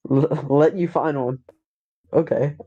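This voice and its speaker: A man's voice: a little high, fairly even intonation, slow, breathy edge, phone-quality sound. A man in casual podcast chat, curious and asking short questions.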